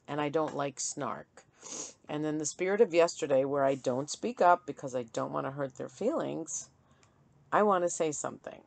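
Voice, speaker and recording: Low-voiced chatty woman vlogger. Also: creaky, no room sound. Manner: chatty, self-deprecating, laughs often. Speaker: vlog host. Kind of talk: candid solo vlog.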